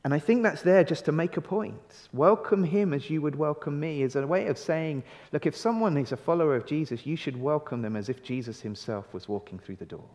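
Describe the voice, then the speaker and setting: A man's voice: on the high side, expressive, a little fast, hardly any pauses, darkish tone, long reverb tail. A male pastor giving a sermon in an earnest, conversational way, stretching key phrases for emphasis and asking rhetorical questions.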